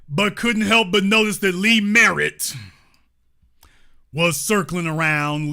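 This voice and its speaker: Guy ranting on his commentary show, high bright voice, blunt and repetitive. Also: big pitch swings, a little slow, gravelly. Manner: emphatic, repetitive, blunt, profane. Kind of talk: animated political commentary monologue.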